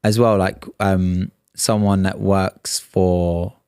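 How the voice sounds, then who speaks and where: A man's voice: sits low, slow, clean tone, no room sound, studio quality. A man co-hosting a podcast, telling stories casually with lots of fillers. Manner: relaxed storytelling, many fillers. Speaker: podcast co-host. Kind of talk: casual chat. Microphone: studio podcast mic.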